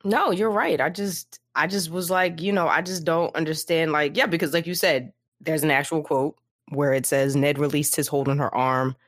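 Low-voiced woman chatting about a book. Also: dry recording, studio quality. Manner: animated, acts out characters in quick asides. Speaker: podcast co-host. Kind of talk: casual book discussion podcast.

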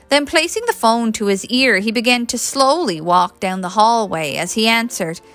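A woman narrating a story in an expressive reading voice. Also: medium pitch, a little slow, few pauses, faint music behind. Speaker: audiobook reader.

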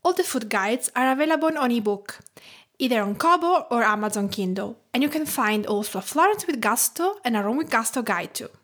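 A woman's voice: fairly high pitch, lively intonation, a little fast, a bit bright. A woman in her thirties from Tuscany with an Italian accent, narrating her food podcast in a reflective storytelling way. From Tuscany, Italy. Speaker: podcast host.

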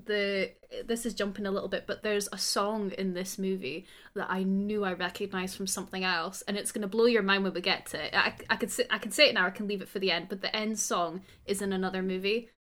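A woman's voice: medium pitch, steady tone, a little fast, hardly any pauses, fairly bright tone. A young woman co-hosting a casual film podcast, playful and teasing. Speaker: podcast co-host.

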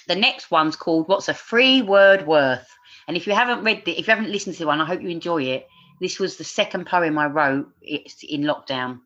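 A woman from East London with a Cockney accent, reading her own rhyming poems in a spoken word performance with big swings in pitch and loudness. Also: fairly quick, lo-fi sound. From East London, England. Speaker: guest poet.

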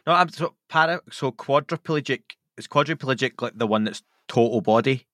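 A man's voice: medium pitch, moderate pace, a bit bright, no room sound, studio quality. A Scottish man guesting on a podcast, reading a story aloud in casual chat and breaking off for amused asides. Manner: reads with amused asides, chuckling and chatty.

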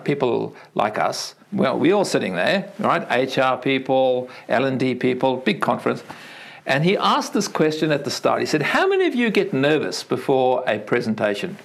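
Lively Australian man telling stories. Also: moderate pace, creaky. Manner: acts out quoted voices with big pitch swings, repeats words. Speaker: keynote speaker, guest. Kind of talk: animated storytelling in an interview.

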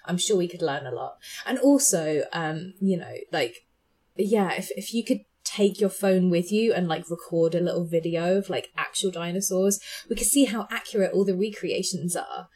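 A woman's voice: on the low side, normal speed, mellow, breathy edge. Woman, podcast co-host, casual chat, laughs a lot, filler-heavy storytelling. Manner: chatty, laughs often, many fillers.

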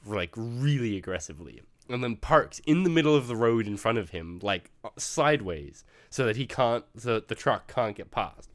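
A man's voice: medium pitch, no room sound. A young man casually telling a story about his job to a friend, laughing now and then. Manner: laughs while telling, relaxed. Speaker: friend, steel-company worker.

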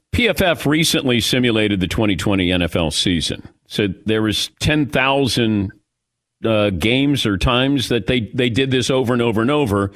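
A man hosting an interview, asking questions in a jokey, lively way. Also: fairly low pitch. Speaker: host.

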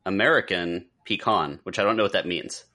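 A man with a deep voice and a bright, forward tone, chatting casually as a podcast co-host. He jokes around and imitates sounds as he talks. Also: brisk. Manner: playful, chatty, mimics sounds. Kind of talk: casual chat.

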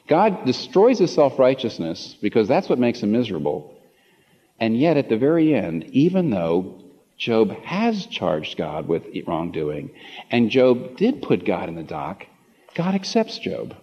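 A man's voice: medium pitch, wildly swooping pitch, a little slow, dark tone, breathy edge. A man preaching a sermon with passion, rising into emphatic rhetorical questions, in a large church. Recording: dull reverberant hall recording.

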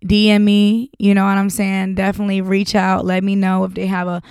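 A woman's voice: mid-range voice, monotone, fairly quick, a little mellow, clean tone, dry recording, studio quality. A young woman hosting a solo podcast, talking bluntly with lots of profanity and frequent laughter. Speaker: podcast host.

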